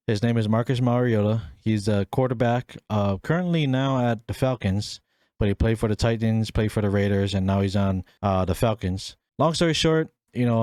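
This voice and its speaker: A young man in his twenties hosting a solo podcast, telling stories in a casual, animated way and acting out the voices in his quotes. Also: mid-range voice, dry recording, clean studio sound. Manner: animated storyteller, acts out voices in quotes, laughs often. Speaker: podcast host.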